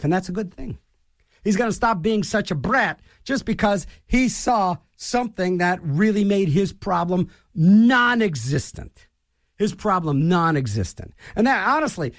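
Man, high voice, bouncy animated delivery, rambling comedic rant, lots of restarts.

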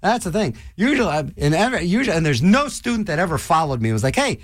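A man's voice: on the high side, sing-song, very fast, no echo. A middle-aged man talking as a college radio DJ, rambling in a manic, jokey way with lots of fillers. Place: radio studio.

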